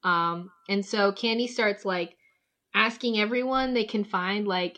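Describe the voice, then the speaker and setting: A woman hosting a podcast, recapping a cartoon episode in a casual, chatty way, full of "like" and quick laughs. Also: mid-range voice, bright, forceful tone.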